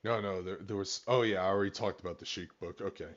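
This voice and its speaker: A man's voice: sits low, steady tone, fast talker. A man co-hosting a podcast, chatting casually and rambling with loose profanity. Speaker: podcast co-host. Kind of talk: casual chat. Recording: dull lo-fi sound.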